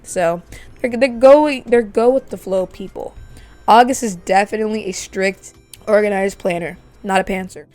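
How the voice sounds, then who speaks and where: Woman, let's play commentary, chatty, storytelling, mid-pitched voice. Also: moderate pace, a little mellow. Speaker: gaming video host.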